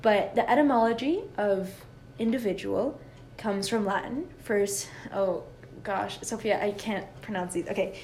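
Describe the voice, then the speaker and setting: A woman's voice: medium pitch, measured pace, few pauses, a little mellow, slight background noise. A woman co-hosting a podcast in casual chat, often laughing at herself and correcting her slips. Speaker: podcast co-host.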